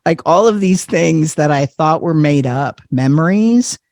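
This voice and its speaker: A man telling a personal story with animated energy, slipping into other people's voices and laughing often. He is a podcast guest in casual conversation. The sound is close and dry. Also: on the high side, unhurried, no room sound.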